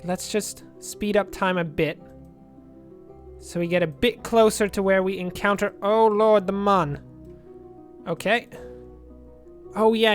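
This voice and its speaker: A let's play gamer giving chatty game commentary, thinking aloud and drifting into jokey tangents. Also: medium pitch.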